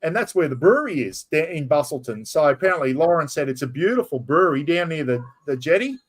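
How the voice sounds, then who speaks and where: A man's voice: on the high side, very animated, fast talker. A middle-aged man with an Australian accent hosts a casual live-stream chat, talking bluntly and chattily, swearing freely and calling people mate. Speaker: livestream host.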